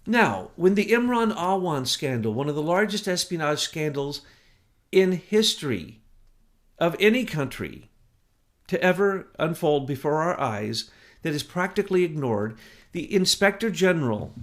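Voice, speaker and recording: A man giving impassioned political commentary as co-host, with loud, emphatic bursts that rise and fall. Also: fairly high pitch.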